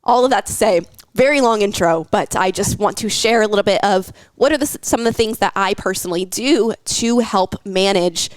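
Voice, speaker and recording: Young woman coach, open and emotional, halting speech, dry close sound. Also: medium pitch, smooth, no echo. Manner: candid, emotional, halting with fillers. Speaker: health coach. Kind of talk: personal podcast talk.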